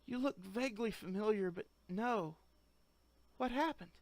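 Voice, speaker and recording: Man doing a soft, tender young wife, lifted voice, dry close read. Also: high-pitched, unhurried, no echo, voice pushed up. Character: gentle young woman with amnesia, soft-spoken.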